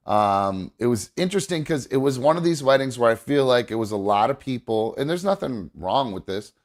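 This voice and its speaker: A man's voice: on the low side, gravelly. Rambling, sentimental man hosting a podcast. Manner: rambling, many fillers and restarts, talks to himself while fiddling with pictures; sentimental, gets choked up. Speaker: podcast host. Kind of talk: casual chat.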